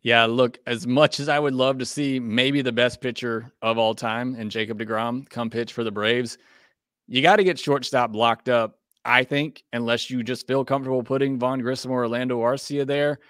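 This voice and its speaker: A man's voice: mid-range voice, fairly even intonation, moderate pace, fairly bright tone, clean tone, no echo, studio quality. Man hosting a casual sports podcast. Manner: conversational, hedging with fillers. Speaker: podcast host.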